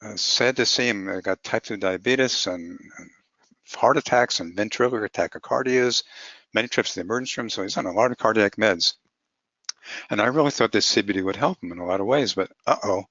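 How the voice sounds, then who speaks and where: Doctor guy walking through patient cases, bright forceful voice, kinda lo-fi dry audio. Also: lowish voice, a little fast, no echo. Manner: plain-spoken, talks through clinical cases step by step. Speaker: physician presenter. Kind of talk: webinar lecture on cannabis medicine. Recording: muffled lo-fi webinar audio.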